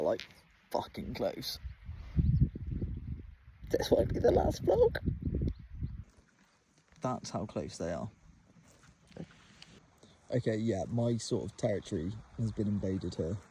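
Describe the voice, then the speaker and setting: A man's voice: mid-range voice, mellow, a little hiss or hum. A young man vlogging casually outdoors on a moor while camping, laid-back, jokey and full of swearing. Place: outdoors on open moorland, camping.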